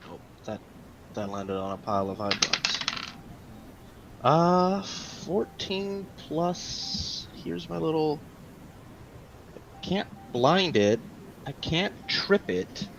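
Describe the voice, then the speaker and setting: A man's voice: a little high, big pitch swings, vocal fry, a bit bright. Male player at a game table, mid voice, keen and questioning, muffled lo-fi mic with faint hiss. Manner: eager, asks questions in quick restarts. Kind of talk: casual tabletop game play. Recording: dull lo-fi mic.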